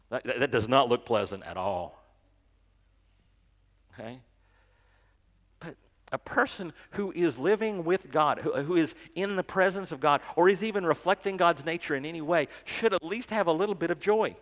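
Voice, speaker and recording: A man's voice: a little high, expressive, moderate pace, fairly bright tone. Man preaching in a reverberant church. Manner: conversational, self-deprecating, stammers and repeats words. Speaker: pastor. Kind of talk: sermon. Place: church sanctuary.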